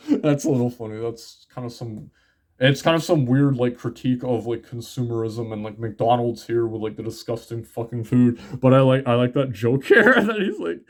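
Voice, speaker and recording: A man's voice: medium pitch, normal speed. A young man casually reviewing a comic, rambling with many fillers, swearing often and laughing. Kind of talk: casual chat.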